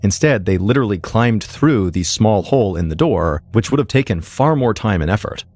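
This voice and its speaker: Male podcast host, lowish voice, measured suspense narration. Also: lively intonation, darkish tone, dry recording. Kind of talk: scripted true-crime narration.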